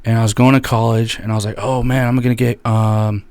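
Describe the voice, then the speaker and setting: A young man co-hosts a laid-back podcast in a smooth, clear voice. He tells loose stories full of swearing and acts out his friends' lines. The sound is dry and close. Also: level tone, a little fast, a little mellow, dry recording. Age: young adult. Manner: loose, swearing storyteller who acts out quoted friends in a higher voice. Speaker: podcast co-host. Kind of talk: casual chat.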